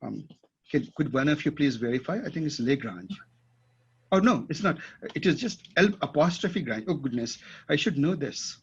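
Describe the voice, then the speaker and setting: A man's voice: fairly high pitch, animated, a little fast, slightly rough. A man teaching a class at a whiteboard, thinking aloud and often checking that his students follow. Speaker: instructor. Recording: dull lo-fi classroom recording.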